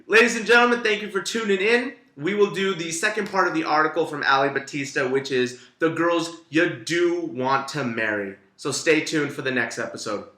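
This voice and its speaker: A man hosting a podcast, telling a story in a lively, profane, casual way. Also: a little high, moderate pace, few pauses. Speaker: podcast host. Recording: roomy echo.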